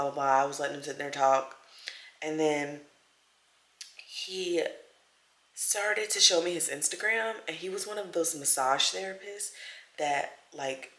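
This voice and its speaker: A young woman vlogging at home, telling stories in a chatty, animated way and acting out what people said. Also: low voice. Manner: chatty, animated, acts out quotes. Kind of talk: casual storytelling vlog. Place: home, small room. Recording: echoey room.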